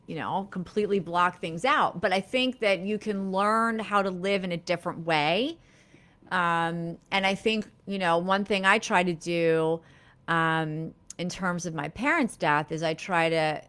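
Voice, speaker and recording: A middle-aged woman therapist hosts a live-streamed talk, her voice on the low side. She speaks gently and reflectively, with lots of fillers and restarts.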